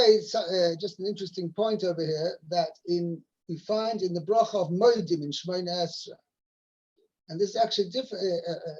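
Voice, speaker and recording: A man teaching a weekly Torah portion over a video call, halting with fillers and restarts as he quotes Hebrew verses. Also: sits high, a little mellow. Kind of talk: explaining a weekly Torah text. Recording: muffled video call audio.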